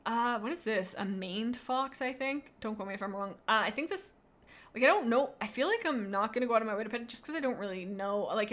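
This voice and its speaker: A woman's voice: fairly high pitch, fairly bright tone. A young adult woman streaming live, chatting casually and rambling as she reads chat aloud.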